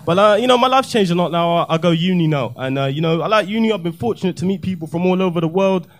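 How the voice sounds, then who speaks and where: In a comedy club, a young man with a notably high speaking voice performs stand-up at a quick pace. His delivery is deadpan and self-mocking, packed with street slang.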